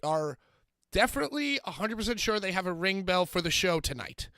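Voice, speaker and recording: A man's voice: high voice, sing-song, brisk, sharp tone, no echo. A man co-hosting a wrestling podcast, rambling and laughing through casual banter. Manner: rambling, laughing, trails off mid-sentence.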